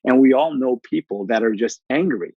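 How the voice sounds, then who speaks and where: A man talks as a podcast guest with a gravelly, breathy grain in his voice. He tells everyday stories bluntly and swears casually. His recording sounds dull and dry, as if it came through a lo-fi mic. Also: mid-range voice, moderate pace, no echo. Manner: blunt, animated storyteller who swears casually. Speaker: life coach and podcast guest. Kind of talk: casual interview storytelling.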